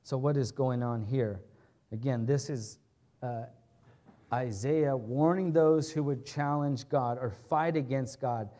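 A man's voice: mid-range voice, slow pace, dark tone. A man preaching an expository sermon in a conversational, earnest way, often checking in with his listeners and restating his points. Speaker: pastor.

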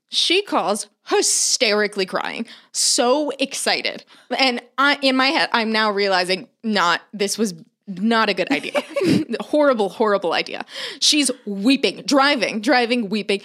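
A young woman with a slightly high voice, co-hosting a casual podcast chat. She tells her story with animated energy, acting out other people's lines and laughing often. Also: measured pace. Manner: animated storytelling with acted-out quotes and frequent laughs. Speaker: podcast co-host.

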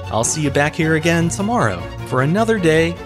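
A man narrates a history podcast as its host, dry-humored and measured. His pitch moves a lot through each sentence. A soft music bed sits underneath. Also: big pitch swings.

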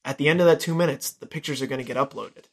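A young man co-hosting a casual chat, retelling a film's plot with lively delivery and quick imitations of the characters' lines. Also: mid-range voice, breathy edge. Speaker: podcast co-host. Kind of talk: casual movie recap chat.

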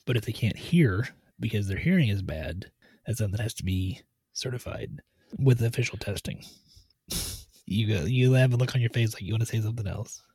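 A man who gives medical exams, explaining his routine step by step in a steady, methodical way on a podcast. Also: lowish voice, fairly quick, husky, dry recording. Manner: steady, methodical, tries to stay on task. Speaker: medical provider doing truck-driver physicals.

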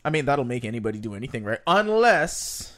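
A man's voice: mid-range voice, rapid-fire. A man co-hosting a podcast, joking in a laid-back, slangy and crude way while discussing a TV episode. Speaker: podcast co-host. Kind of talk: casual chat reviewing a TV episode.

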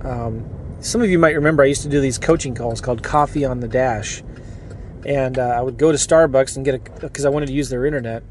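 A middle-aged man hosting a podcast, talking casually and earnestly from a parked car, with energetic restarts and rambling asides. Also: mid-range voice, fairly quick, a little hiss or hum. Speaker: podcast host and coach. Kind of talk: casual motivational podcast monologue.

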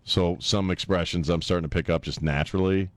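A man's voice: sits low, fairly even intonation, fairly quick, no room sound, clean studio sound. A middle-aged man hosting a talk radio show, rambling and joking in casual banter. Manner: rambling, joking, laughs often.

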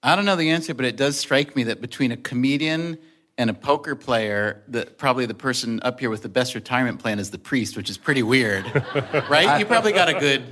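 A man's voice: medium pitch, animated, fairly quick, bright, forceful tone. A man hosting a live quiz show, welcoming contestants and teasing them with playful banter. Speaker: game show host. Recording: live audience in the room.

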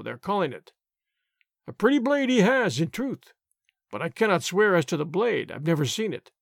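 A big, boastful army sergeant, acted by a male narrator, roars out his bluster in a storybook reading. The voice sits high and swings widely, and the sound is dry and close. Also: dry recording. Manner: roaring, booming bluster.

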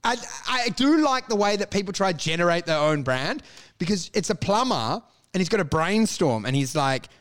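Give me a man with a high, bright voice co-hosting a casual comedy podcast. He riffs playfully and swears freely, often laughing mid-line. Now and then he breaks into silly made-up jingles. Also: animated, normal speed. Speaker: podcast co-host.

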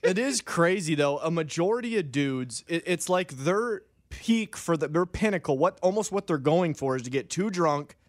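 A man's voice: on the high side, lively intonation, normal speed, few pauses, no echo, clean studio sound. A man in a casual chat, joking and emphatic, talking in broad generalizations and giving blunt advice.

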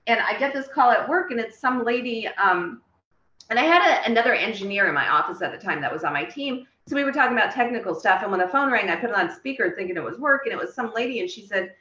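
A woman's voice: on the high side, animated, fast talker, bright, forceful tone. A woman, a guest in an interview, telling a personal story with feeling and acting out the dialogue. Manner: emotional, reenacts dialogue while telling the story. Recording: roomy, slightly dull sound.

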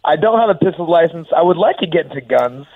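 Young man, fighter, rambling casual talk, slightly high voice, dry tinny phone line. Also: expressive, fast, no echo. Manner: loose, rambling, frequent "like". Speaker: professional fighter, guest. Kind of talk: casual radio interview.

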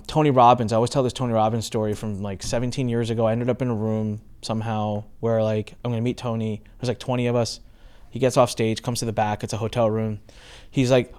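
A man in his forties hosting a podcast, telling stories with lively acted-out quotes. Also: mid-range voice, clear, resonant tone. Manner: animated storyteller, acts out quoted voices. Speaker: podcast host. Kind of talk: casual interview intro.

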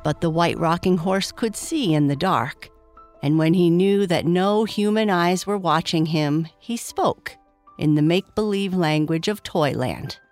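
A woman's voice: on the low side, measured pace, a little mellow, soft background music. Woman reading a children's story.

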